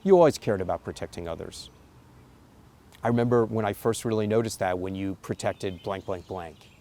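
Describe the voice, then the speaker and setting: A man with a low, gravelly, mellow voice gives an instructional talk to parents. He coaches earnestly and leans hard on his key points. The delivery feels like a teaching video. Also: moderate pace. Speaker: parenting educator.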